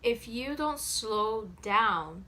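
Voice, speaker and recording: Earnest young woman with a bright voice. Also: a little high, expressive, very slow, a little hiss or hum. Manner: earnest and reflective, with frequent fillers and restarts. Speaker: self-help vlogger. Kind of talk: casual talk to camera.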